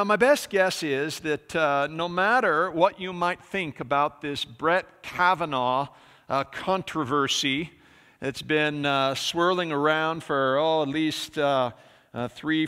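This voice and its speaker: A man's voice: a little high, pushed and bright, smooth, big-room sound. A man preaching a sermon in a church, talking conversationally with frequent fillers. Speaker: pastor. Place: church sanctuary.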